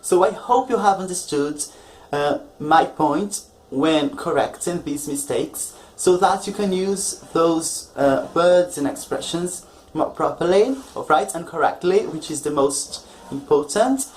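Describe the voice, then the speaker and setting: A man's voice: on the high side, unhurried, low-quality recording. Patient man teaching an English lesson. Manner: patient, explanatory, often checks in with "okay?".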